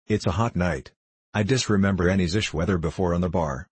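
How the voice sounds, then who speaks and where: A man voicing a grave, earnest, stout male miner who speaks in rough backwoods dialect. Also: sits low, brisk, no echo.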